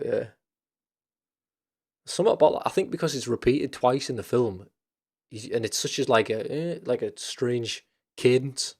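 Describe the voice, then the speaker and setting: A man's voice: medium pitch, darkish tone. A man hosting a casual chat stream, rambling loosely with lots of fillers, restarts and casual swearing.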